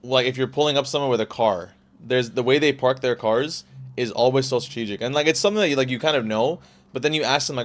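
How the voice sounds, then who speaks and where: A man's voice: medium pitch, quick pace. A young man in his twenties from the Los Angeles area, a podcast guest telling stories in a rambling way, full of "like" and restarts. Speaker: podcast guest, car salesman. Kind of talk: casual storytelling.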